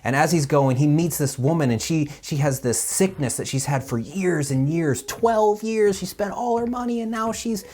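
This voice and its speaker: A man teaching a children's Bible lesson in a casual, animated storytelling way, with big swings in pitch. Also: normal speed, hardly any pauses. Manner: casual, with fillers and restarts. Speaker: children's minister.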